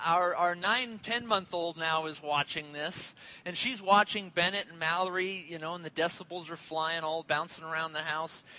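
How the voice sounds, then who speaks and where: A man's voice: sits high, pushed and bright, low-quality recording. A man in his thirties preaching a sermon as a pastor, conversational and joking, telling family stories.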